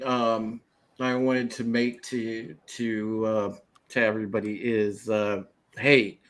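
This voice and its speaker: A man's voice: medium pitch, a bit bright. A man co-hosting a political podcast, talking casually with many fillers. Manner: rambling, many fillers and restarts. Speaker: co-host.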